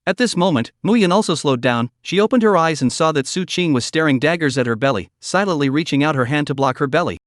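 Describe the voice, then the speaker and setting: A man's voice: a little high, fast talker, hardly any pauses, no echo, clean studio sound. Synthetic male voice narrating a story recap. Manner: even, machine-like reading.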